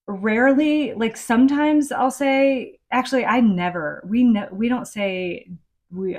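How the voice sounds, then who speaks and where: A woman's voice: on the low side, a little mellow. A middle-aged woman hosting a podcast, giving frank, conversational advice and sometimes swearing. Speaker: podcast host. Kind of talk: casual advice talk.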